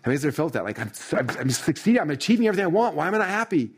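A middle-aged man giving a motivational training talk to a live audience, energetic and peppered with "right?" and "like". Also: on the high side, racing, breathy edge. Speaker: success coach.

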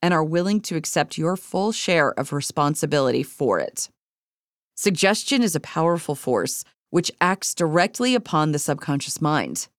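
A woman reading a self-help book aloud as an audiobook, in a measured, earnest way with calm, deliberate repetitions. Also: low-pitched, no echo, studio quality. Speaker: audiobook reader. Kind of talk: scripted audiobook narration of a self-help text.

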